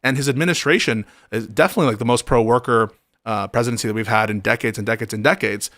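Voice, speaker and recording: A man's voice: medium pitch, fast talker, a bit bright, dry recording. A man hosting a casual political talk, earnest and wordy, building to indignation.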